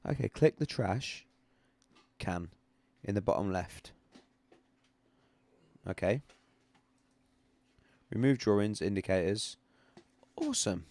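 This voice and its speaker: A man's voice: lowish voice, animated, slow pace, long pauses, a little mellow. A man hosting a casual livestream, chatting about charts in a rambling way that repeats itself. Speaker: livestream host. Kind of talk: casual live-stream chat with chart analysis.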